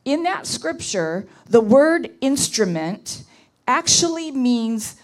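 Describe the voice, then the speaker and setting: A woman's voice: fairly high pitch, very animated, takes it slowly. A woman, an intercessor, giving an earnest prayer talk at a church conference, restarting phrases and piling up words for emphasis.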